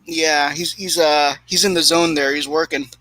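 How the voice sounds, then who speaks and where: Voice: mid-range voice, steady tone, moderate pace, sharp tone, no room sound, low-quality recording. A co-host chatting casually about a comic, often stumbling and repeating words. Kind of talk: casual chat.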